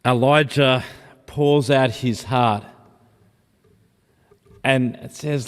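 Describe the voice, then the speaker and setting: A man preaching a sermon in a gentle, reflective, personal way. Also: medium pitch, unhurried. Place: church. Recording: long church reverb.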